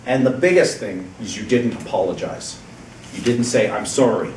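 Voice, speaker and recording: A man giving an encouraging, measured evaluation of a speech at a club meeting, pausing deliberately between points. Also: lowish voice, a little mellow. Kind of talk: prepared feedback speech. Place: meeting room, speaking at a lectern. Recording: roomy, distant, faint background hiss.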